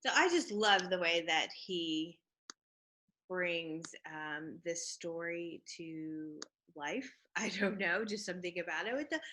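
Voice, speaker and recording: A woman's voice: fairly low pitch, bright, forceful tone. A woman teacher talking through a play in class, hesitant and thinking aloud with many fillers. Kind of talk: classroom lecture.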